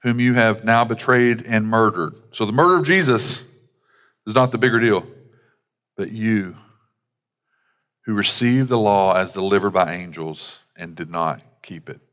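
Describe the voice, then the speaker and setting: A man's voice: on the low side, fairly even intonation, a little slow, a bit bright. A man, a pastor, preaching a sermon in a conversational way with casual asides. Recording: long hall reverb.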